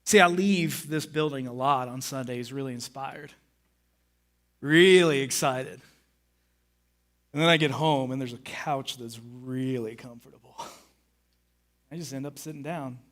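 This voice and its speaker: A middle-aged man preaching a sermon on a church stage, animated and acting out his own moods for the congregation. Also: mid-range voice, measured pace, pauses often. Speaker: pastor.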